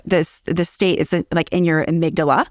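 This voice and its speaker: Earnest middle-aged woman, teacherly, repeats points; slightly low, dry close sound. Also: fairly even intonation, brisk, no room sound. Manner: earnest, teacherly, repeats key phrases for emphasis. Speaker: early childhood educator and parenting guest. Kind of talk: casual interview explaining parenting.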